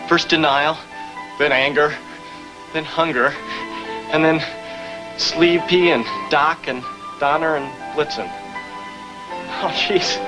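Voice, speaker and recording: A man's voice: on the high side, close to an everyday voice, low-quality recording. An actor playing a childish, melodramatic grown man visiting his doctor, whiny and theatrical with nervous laughs. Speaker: patient. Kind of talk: sitcom acting.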